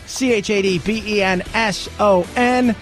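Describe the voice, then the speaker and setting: A man's voice: high-pitched, measured pace, faint music behind. A man hosting a talk radio show, chatting casually in a wry, sarcastic way.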